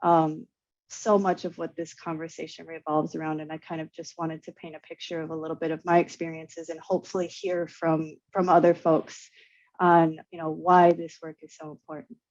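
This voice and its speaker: A woman who is an artist and curator tells a personal story on a panel in a low voice at a moderate pace. Earnest and emotional, she tells it animatedly with laughs, over dull lo-fi video call audio.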